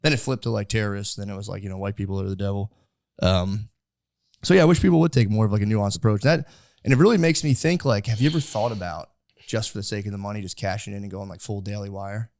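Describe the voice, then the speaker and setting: Podcast co-host, male, 30s, low voice, quick and rambling, dry close sound. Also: vocal fry, darkish tone, no echo. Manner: rambling, lots of "like" fillers, acts out quotes. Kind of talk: casual podcast conversation.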